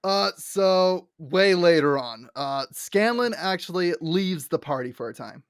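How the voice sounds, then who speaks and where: A young adult woman co-hosting a casual podcast, excitedly retelling scenes with lots of likes, restarts and acted-out quotes. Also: on the low side, unhurried, smooth, no echo, clean studio sound. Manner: animated storyteller, acts out quotes with many likes and restarts. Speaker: podcast co-host. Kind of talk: casual fan chat.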